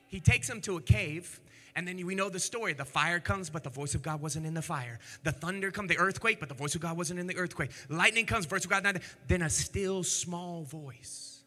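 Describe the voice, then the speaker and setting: A man preaching with a high, very bright and cutting voice, animated and swinging from shouting peaks down to hushed, low storytelling. His sermon rings out in a church hall with a long, echoing reverb. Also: a little fast. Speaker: pastor. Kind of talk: energetic sermon. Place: church sanctuary.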